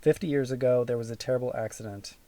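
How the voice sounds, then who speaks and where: A man voicing a calm, gentle mother in an audiobook, speaking softly and steadily. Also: mid-range voice, quick pace, close to an everyday voice. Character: gentle worried mother, middle-aged woman.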